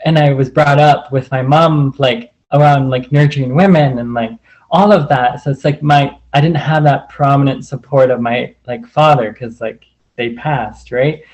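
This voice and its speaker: A man on a group video call, his mid-range voice a bit mellow and his pace moderate, tells a personal story in a loose, meandering way packed with "like." The audio is muffled.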